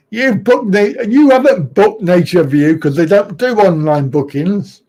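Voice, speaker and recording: Slow, mellow-voiced man chatting live. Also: high-pitched, expressive. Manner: blunt, rambling, chuckles often. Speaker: livestream host. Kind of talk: casual live chat.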